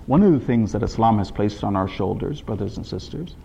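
A man preaching a sermon to a congregation, emphatic, reciting scripture in Arabic and climbing to high exclaiming peaks. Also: expressive, a little fast, creaky, mellow, dull audio, a little hiss or hum. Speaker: speaker at a religious gathering.

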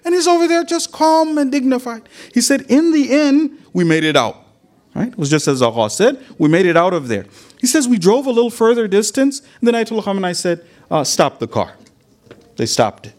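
Man, sermon, high voice, very animated pitch, storytelling with quoted dialogue. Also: fairly quick. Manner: animated retelling, sprinkled with Arabic religious phrases. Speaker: religious lecturer.

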